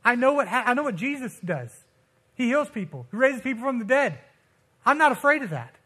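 With a slightly quick pace and some breathiness, a young man preaches informally in a voice higher than typical for a male. He narrates stories full of slang and plays out the characters he quotes.

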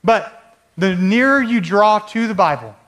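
A man's voice: high voice, expressive, unhurried, fairly bright tone. A man preaching a sermon in a conversational way, often asking the listeners rhetorical questions. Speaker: pastor.

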